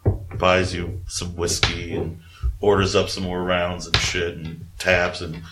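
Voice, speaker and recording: A man with a lowish voice runs a tabletop game, narrating casually and rambling through scenes with plenty of fillers. His delivery is loose and conversational. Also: completely flat delivery, unhurried, over loud music. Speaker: game master.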